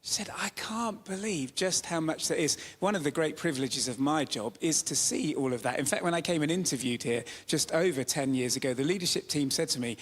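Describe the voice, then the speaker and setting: A man preaching an informal, joking sermon as the church's pastor, chatty and animated in his storytelling. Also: a little high, brisk, hardly any pauses, slightly rough. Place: church sanctuary. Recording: church hall with long reverb.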